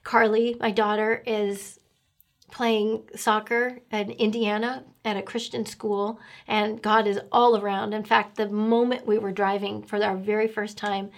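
A middle-aged woman earnestly telling her personal faith story, emotional and pausing often with fillers. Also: medium pitch, little pitch movement, gravelly. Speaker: guest sharing testimony.

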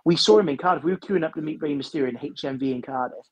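A chatty man co-hosting a podcast, excitable as he tells his stories. His voice sits a little high and sounds husky. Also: rapid-fire. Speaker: podcast co-host. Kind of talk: casual chat.

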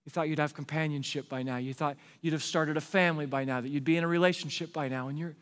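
A man's voice: fairly high pitch, steady tone, fast talker, a bit bright, long reverb tail. A male pastor preaching a sermon in an earnest, pleading way, repeating rhetorical questions to the congregation.

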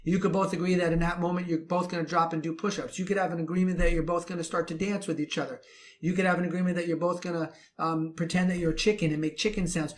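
Male relationship coach, slightly higher voice, earnest and preachy, repeats himself for emphasis. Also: level tone, fast. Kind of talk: advice talk to men.

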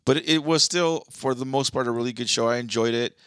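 A man's voice: mid-range voice, quick pace, fairly bright tone, clear, resonant tone, dry recording, studio quality. A young man co-hosting a podcast, chatting loosely and rambling, with plenty of swearing. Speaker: podcast co-host. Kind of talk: casual chat.

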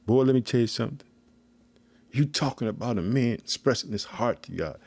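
A man's voice: medium pitch, expressive, a little fast, creaky, a little mellow, breathy edge, no room sound. A man giving an informal sermon on scripture, emphatic and repetitive, calling his listeners family. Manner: emphatic, repeats himself, calls listeners "family". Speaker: preacher teaching scripture.

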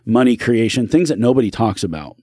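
A real estate broker appearing as a podcast guest speaks in an earnest, rambling way, restarting sentences and acting out quoted voices in casual interview talk. His mid-range voice is mellow and sing-song, fairly quick, recorded in studio quality with no room sound.

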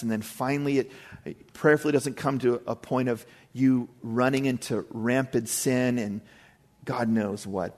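A man's voice: mid-range voice, darkish tone. A middle-aged man preaching a sermon as pastor, casual and conversational, with frequent asides to the congregation.

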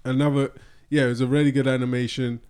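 A man's voice: medium pitch, level tone, fast talker, a little mellow, clean tone. A man in casual conversation reviewing a film, rambling a little and laughing easily. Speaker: podcast co-host.

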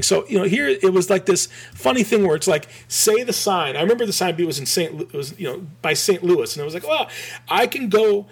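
A middle-aged man from Michigan telling a long story on a podcast as a guest, rambling and animated, with many restarts and a few swears. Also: high voice, a little fast, breathy edge. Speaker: podcast guest, graphic designer. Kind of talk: casual storytelling.

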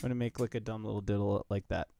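A man's voice: lowish voice, fairly even intonation, fast talker, creaky, dark tone, faint music behind. Teasing man co-hosting a podcast. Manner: joking, teasing, drinking-game banter. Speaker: podcast co-host and producer. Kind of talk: casual chat.

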